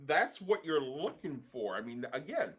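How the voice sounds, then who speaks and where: Podcast co-host, somewhat high male voice, even and explanatory. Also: slightly rough. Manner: measured, explains things and asks pointed questions. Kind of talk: casual chat.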